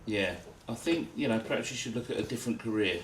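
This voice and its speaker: A man's voice: lowish voice, fast talker. A man acting as an estate agency manager, blunt and dismissive in how he speaks. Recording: distant roomy audio with background noise.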